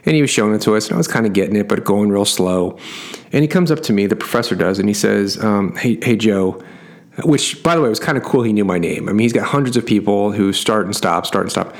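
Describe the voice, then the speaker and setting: A middle-aged man with a fairly low voice tells a personal story in a loose, conversational way. He talks emphatically and doubles up on words to drive each point home, like a coach talking to his clients. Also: lively intonation, fast talker, creaky. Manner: emphatic, repeats words for effect. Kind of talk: casual storytelling monologue.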